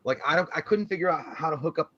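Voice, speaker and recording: A man with a slightly high voice rambles casually through a live stream chat, swearing freely and laughing along the way. The sound is dry and a little dull, as from a modest home microphone. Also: quick pace, breathy edge, no room sound. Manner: profane, rambling, laughs a lot.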